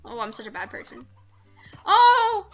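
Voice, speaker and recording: A young woman streaming a game, chatting casually with her viewers and gushing loudly over cute things. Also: very high voice, sing-song, a little slow, soft background music. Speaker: VTuber streamer. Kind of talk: casual gameplay chat with viewers.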